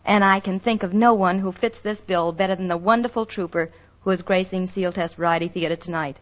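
A woman's voice: on the low side, steady tone, a little fast. A woman hosting a 1940s radio variety show, introducing a guest in a polished, formal manner. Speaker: host. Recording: muffled vintage radio broadcast.

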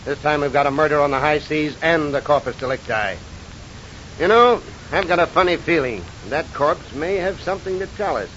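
A man plays a tough veteran police lieutenant in a vintage radio drama. He speaks in a brisk, wry and commanding way. The old recording is dull, with a faint hiss. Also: on the high side, a bit bright, natural voice. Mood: wry firm. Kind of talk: 1940s radio acting.

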